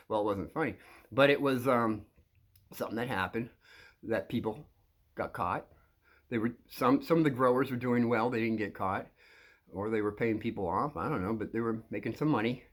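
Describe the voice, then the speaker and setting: An older man telling rambling stories to viewers, halting and repeating words, often chuckling as he goes. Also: medium pitch. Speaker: channel host telling stories.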